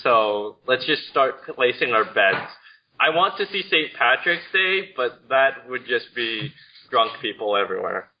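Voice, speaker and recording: A man's voice: mid-range voice, sing-song, measured pace. A man co-hosting a casual movie-review chat, laid-back and agreeable. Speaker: podcast co-host. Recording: dull lo-fi audio with faint noise.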